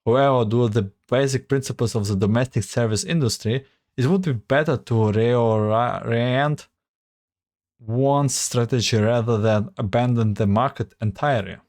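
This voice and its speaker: A man's voice: medium pitch, moderate pace, a little mellow, close to an everyday voice. A man voicing a formal, analytical female android doll who talks in stiff, data-driven phrases. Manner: stiff, data-citing, earnest.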